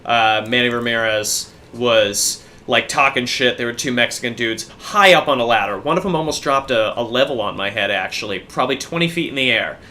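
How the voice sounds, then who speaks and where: A man's voice: mid-range voice, fairly quick, few pauses, bright, forceful tone. A man co-hosting a podcast, chatting casually and telling laid-back stories, swearing now and then. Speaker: podcast co-host. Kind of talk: casual chat.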